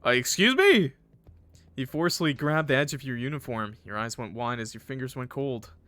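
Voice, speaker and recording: A young man reading a visual novel aloud as a gaming creator, breaking off into excitable, swearing reactions. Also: mid-range voice, fast, no echo.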